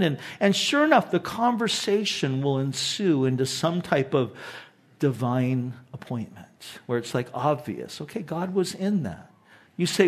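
Male pastor, 60s, higher-pitched, animated storytelling sermon with hushed emphases. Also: normal speed.

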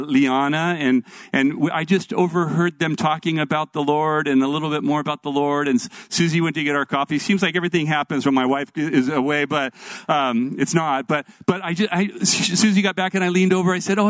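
A middle-aged male pastor preaching a sermon, telling stories in an animated, earnest way. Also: fairly high pitch, no room sound.

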